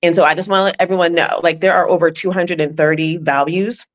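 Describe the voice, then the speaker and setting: A woman's voice: fairly low pitch, fairly even intonation, quick pace, muffled recording. A woman hosting an interview as a life coach, encouraging and reflective, speaking straight to her listeners. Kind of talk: conversational interview.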